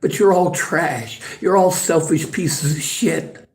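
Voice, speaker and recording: A man's voice: on the high side, slow. Agitated man ranting, heavy swearing. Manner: angry, profane, repetitive. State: agitated, worked up. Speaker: streamer. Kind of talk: livestream rant at chat. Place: library.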